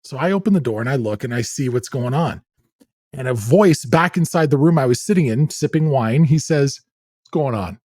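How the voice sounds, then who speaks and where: A middle-aged podcast host with a mid-range voice tells a story at a fairly quick clip, loose and full of swearing, laughing as he goes. His delivery is animated, casual storytelling chat, recorded with studio quality and no echo.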